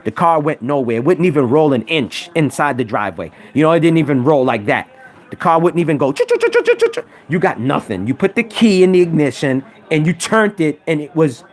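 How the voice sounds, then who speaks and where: A man's voice: fairly high pitch, animated, brisk. A man trash-talking rival sports fans on a live stream, teasing and repeating himself for emphasis. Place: home room.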